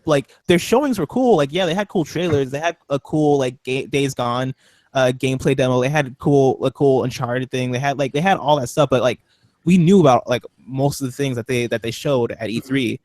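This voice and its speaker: A man co-hosting a podcast in a casual group chat, rambling excitably with lots of fillers. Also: medium pitch, a little fast, no room sound. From Seattle. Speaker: podcast co-host.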